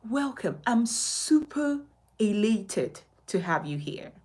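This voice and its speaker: Animated, slow-talking woman teaching live. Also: medium pitch, breathy edge. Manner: animated, emphatic, asks and answers its own questions. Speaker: communication coach. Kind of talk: live-streamed lesson. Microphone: phone.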